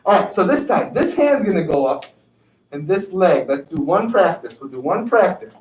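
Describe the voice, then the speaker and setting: Here the yoga instructor speaks at normal speed in a medium-pitched, slightly mellow voice with big pitch swings, counting reps and encouraging everyone upbeatly. The room is echoey, the mic distant, and there is faint noise.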